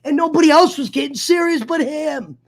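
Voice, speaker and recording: A man's voice: extremely high pitch, brisk, gravelly. A man hosting an online sports talk show, telling a heated story in a profane, fired-up rant. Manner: profane, fired-up storyteller who mimics others. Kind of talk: casual livestream rant.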